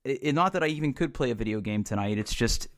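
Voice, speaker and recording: Guy venting on a podcast, rambly, stops and restarts a lot, mid pitched. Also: expressive, fast talker. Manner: rambling, frustrated, lots of restarts. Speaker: podcast co-host. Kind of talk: casual chat.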